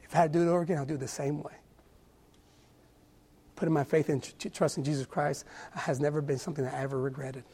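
A man's voice: fairly high pitch, level tone, fast, long pauses, mellow, husky. A young adult man giving an earnest sermon testimony, often repeating and restarting his words.

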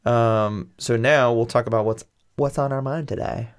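A man's voice: mid-range voice, fairly even intonation, normal speed, clean tone. A young man co-hosting a podcast in casual, joking, rambling chat. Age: young adult. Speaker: podcast co-host.

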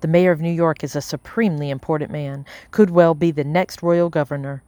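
A woman's voice: deep voice, fairly even intonation, a little fast, dark tone, no echo, close to an everyday voice. A woman voicing an impatient, haughty lady of the house who speaks sharply and imperiously.

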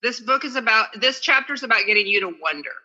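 A woman's voice: fairly high pitch, animated, fast talker, pushed and bright, breathy edge, muffled recording. A woman speaking at a recovery meeting over a phone video call, in casual, chatty and self-deprecating talk, sometimes reading aloud.

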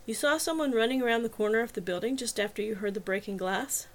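A woman's voice: a little high, fast talker, close to an everyday voice. A woman reading the part of a friendly older male campus police officer, folksy and matter-of-fact. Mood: businesslike.

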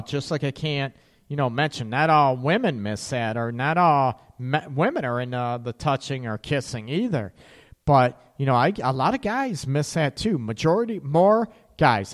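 A man hosting a casual livestreamed relationship talk, speaking candidly, laughing at his own slips and tagging sentences with "right?". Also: a little high. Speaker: relationship talk show host.

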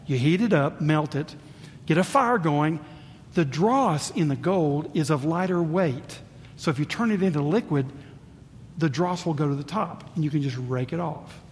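Emphatic older male preacher in a hall. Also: normal speed. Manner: emphatic preaching, swings between booming and hushed. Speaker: pastor. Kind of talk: sermon. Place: church sanctuary. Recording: reverberant church hall, faint rumble.

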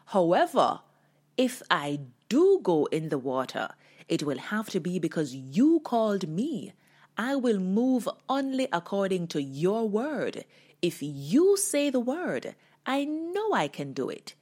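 A woman's voice: medium pitch, very animated, slow, a little mellow. A woman voicing a bold male disciple who earnestly pleads to be called out onto the water. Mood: earnest pleading.

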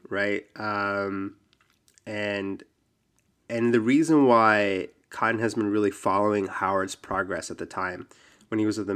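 A man's voice: on the low side, fairly bright tone. A man casually telling a long story on a podcast, with frequent ums and likes. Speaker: podcast host.

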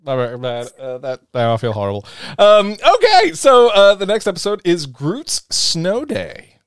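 A man's voice: high-pitched, wildly swooping pitch, moderate pace, smooth, dry recording, studio quality. A man hosting a podcast, chatting casually with a joking, teasing, often profane manner. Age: adult, working. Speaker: podcast host. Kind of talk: casual chat.

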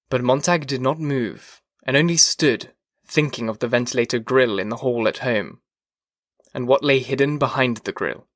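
A man narrates an audiobook with measured, even storytelling. His voice sits at a medium pitch, recorded in studio quality with no echo.

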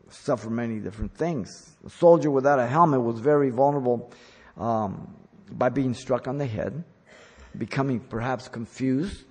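A man preaching a sermon as a pastor, deliberate and emphatic, pressing hard on key words. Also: medium pitch, a little mellow, slightly rough. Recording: long hall reverb.

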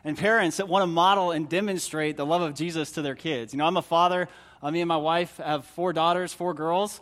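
A middle-aged man, a pastor, preaching a sermon in a conversational storytelling way with self-deprecating humor, swinging between loud emphasis and hushed moments. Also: fairly high pitch, steady tone, fairly quick. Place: church sanctuary.

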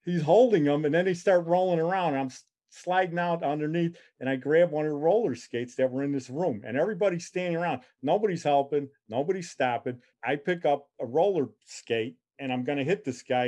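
A middle-aged man telling a personal story in a casual, animated way, acting out what the other people said. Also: a little high.

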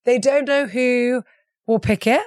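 A woman's voice: on the high side, a little slow, darkish tone, dry recording, studio quality. A woman hosting a casual interview, encouraging her guest and reading out questions. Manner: friendly, encouraging, prompting the guest. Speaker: podcast host.

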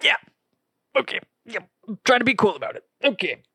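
A man's voice: very high-pitched, lively intonation, a little fast, pushed and bright, breathy edge, dry recording, clean studio sound. A man hosting a podcast, telling a rambling, profane story in a casual monologue. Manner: rambling, profane, self-interrupting. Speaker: podcast host.

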